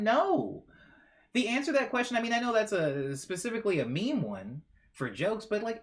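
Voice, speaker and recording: A man's voice: high-pitched, wildly swooping pitch, moderate pace. A male streamer chatting casually on a live stream, rambling and joking with bursts of mock outrage while reading chat aloud.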